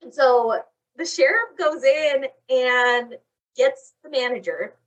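A young woman casually telling a long story on a chat podcast, animated and saying "like" constantly. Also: sits high, slow pace. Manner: animated, fills talk with "like". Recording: voice a bit far from the mic.

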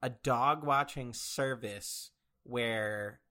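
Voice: mid-range voice, drawn-out words, pushed and bright. A co-host chatting casually in a bar, easygoing and jokey. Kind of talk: casual chat.

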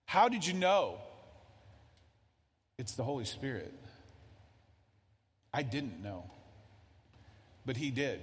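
A man's voice: on the high side, husky, in a large hall. A man preaching a conversational sermon as a pastor, often acting out little dialogues.

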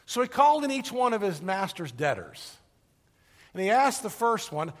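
A man preaching a sermon, retelling a parable with animated storytelling that swings from loud to hushed, in a church hall. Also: high voice, normal speed. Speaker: pastor. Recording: long reverb of a large hall.

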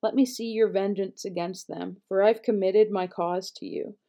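A woman reads scripture aloud, her voice mellow and warm. Her delivery is steady and measured, with a quick self-correction now and then. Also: medium pitch. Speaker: Bible reader.

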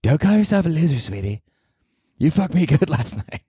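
A man's voice: a little high, big pitch swings, moderate pace, dark tone, husky, no room sound, studio quality, pitched above the performer's own voice, full character voice. A man putting on the voice of a cooing, affectionate girlfriend, sugary and teasing. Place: apartment.

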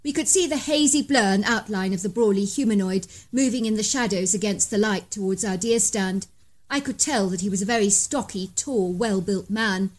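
A woman narrating a scripted first-person bedtime story, slowing down and rising in pitch at tense moments.

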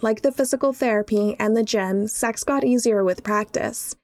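A woman narrating a documentary and putting interview questions in a measured way. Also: a little high, a little mellow.

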